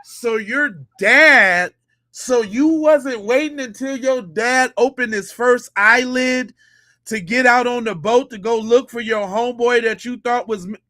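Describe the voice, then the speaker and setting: A man's voice: very high-pitched, a little slow, sharp tone. A middle-aged man hosting a podcast, giving mocking, incredulous, slangy commentary on a clip.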